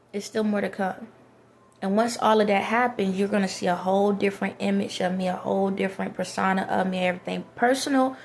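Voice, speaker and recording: A woman's voice: medium pitch, slight background noise. A woman vlogger talking to camera in a rambling casual monologue, repeating phrases and restarting sentences.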